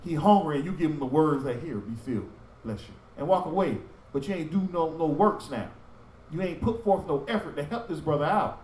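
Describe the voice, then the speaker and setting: A man teaching a religious group in sermon style, with animated storytelling that acts out street talk. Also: fairly high pitch, fairly quick, reverberant, recorded from a distance, slight background noise, poor audio.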